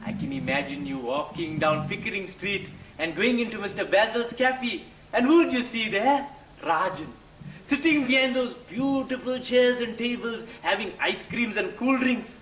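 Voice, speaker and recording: A man's voice: very high voice, lively intonation, fairly bright tone, slight background noise, exaggerated voice. An actor playing a boastful, tipsy man who teases and laughs as he tells a story on a theatre stage. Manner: slow, teasing, laughing while he boasts. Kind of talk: stage play performance. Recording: echoey hall, distant mic.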